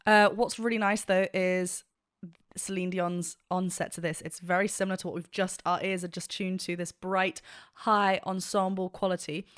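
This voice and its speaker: A woman's voice: fairly low pitch, little pitch movement, moderate pace, smooth, no echo. Enthusiastic woman vocal coach, dry sound. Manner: enthusiastic, technical explanations with frequent fillers. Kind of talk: reaction and vocal analysis.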